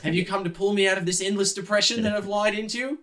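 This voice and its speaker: A man's voice: sits high, fairly even intonation, fast, fairly bright tone, voice pushed up. A man voicing a melodramatic grown male caravan driver who swings into despair at the smallest loss, in a raised, theatrical voice. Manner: theatrical, overwrought, gushing.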